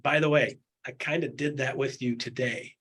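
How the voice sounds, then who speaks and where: A man coaching on real estate in a candid chat, punching his points with quick rhetorical questions and acting out what other people say. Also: medium pitch, fairly even intonation, fairly bright tone, slightly rough. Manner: acts out quotes in other voices.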